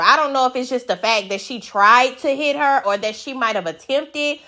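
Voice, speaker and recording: Bright, blunt woman recapping reality TV. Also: high voice, normal speed, few pauses. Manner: animated, blunt, swears, acts out quotes in a raised voice. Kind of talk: casual commentary recap.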